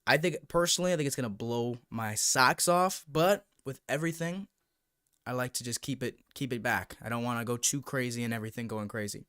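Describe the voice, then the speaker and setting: A young man from the United States chatting on a live stream, excitable and rambling as he talks to his viewers. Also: mid-range voice, fairly quick, smooth. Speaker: YouTube VR streamer. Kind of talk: casual live-stream chat.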